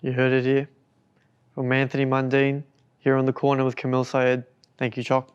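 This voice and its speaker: Smooth, even-toned male host. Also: mid-range voice, highs cut off. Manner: measured, summing up the guest's story. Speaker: interview host. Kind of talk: interview.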